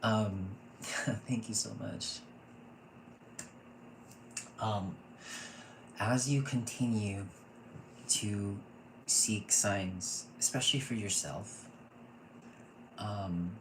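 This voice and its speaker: A man in his thirties teaching a casual online intuition class, gushing and excitable and often laughing. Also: lowish voice, very slow, pauses often. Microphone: computer mic, off camera. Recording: echoey room with faint noise.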